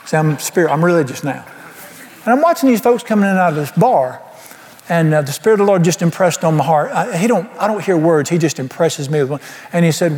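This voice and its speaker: Male pastor, high-pitched, folksy emphatic delivery, long hall reverb. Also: fairly quick. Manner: folksy and emphatic, with rhetorical questions and sudden drops to a low hush. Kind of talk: sermon. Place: church sanctuary.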